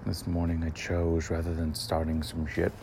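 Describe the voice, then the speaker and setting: Brief: deep-voiced man, slow, emphatic motivational vlogger recorded outdoors over noisy ambience. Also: completely flat delivery, gravelly. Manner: emphatic, preachy, swears, drops into dramatic whispers. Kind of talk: hyped daily motivational briefing. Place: outdoors in cold weather.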